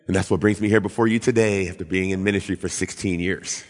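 A man preaching a sermon, telling his story and acting out quoted voices with big swings in pitch. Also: fairly even intonation, fast talker, hardly any pauses, long reverb tail. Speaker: pastor.

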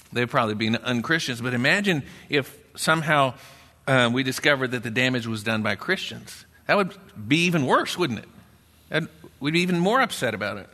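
Bright-voiced Texan pastor preaching in a reverberant hall. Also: male voice. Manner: conversational preaching, acts out the doubter in a low grumbling voice. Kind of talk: sermon. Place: church. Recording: long reverb in a church hall.

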